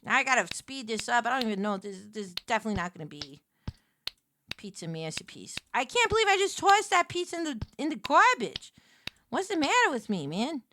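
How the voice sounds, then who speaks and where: A young woman streamer giving casual gameplay commentary, excitable and talking to herself, shouting when flustered. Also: a little high, a little fast, noisy background.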